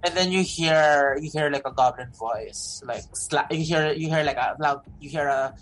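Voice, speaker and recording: A man running a tabletop game as game master, narrating in halting bursts with many restarts and fillers. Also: a little high, a bit bright.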